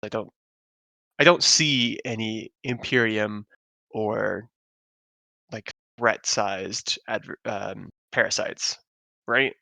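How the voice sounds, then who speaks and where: A man's voice: lowish voice, steady tone, slow, vocal fry, pauses often, bright, forceful tone, no echo. A man playing a tabletop game, asking questions and planning his move in a hesitant way. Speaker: player. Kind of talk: casual tabletop game chat.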